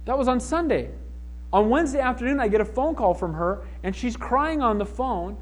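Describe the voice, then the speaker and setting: A man preaching a sermon as pastor, animated and acting out the voices of people in the story. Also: very high voice, moderate pace, slight background noise.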